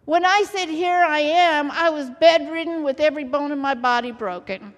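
A woman's voice: high voice, measured pace, hardly any pauses, dull audio. A woman preaching a sermon, asking the congregation questions often and keeping them involved. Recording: long hall reverb.

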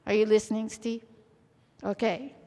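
A woman's voice: mid-range voice, flat delivery, moderate pace, dark tone. A woman preaching a sermon, asking the congregation questions often and keeping them involved. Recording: long hall reverb.

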